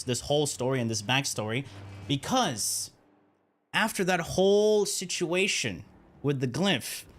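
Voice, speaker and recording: A man telling a story on his livestream in a casual, profane way, often checking in with "right?". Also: fairly high pitch. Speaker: streamer. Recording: steady background noise.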